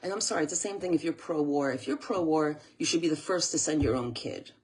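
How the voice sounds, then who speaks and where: A woman's voice: low voice, quick pace, darkish tone, slightly rough. A woman from the United States, a channel host, talking earnestly to camera, close to tears and repeating herself. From USA. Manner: earnest, tearful, repeats phrases. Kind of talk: emotional monologue to camera.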